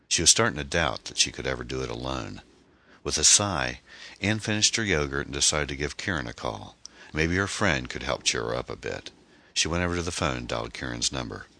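Man, audiobook narrator, measured storytelling, very low pitch, dry close sound. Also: pushed and bright, dry recording. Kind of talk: scripted narration.

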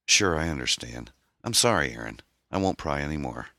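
Narrator playing an earnest caring young man, very deep voice, bright tone. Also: very animated, normal speed, dry recording, studio quality, exaggerated voice. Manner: earnest and reassuring.

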